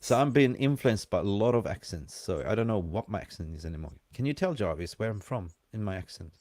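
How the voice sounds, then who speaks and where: A man with a mixed accent that has a hint of Australian, co-hosting a casual live-stream chat and bantering excitedly with viewers. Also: fairly low pitch, fairly quick, no echo. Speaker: fan channel co-host.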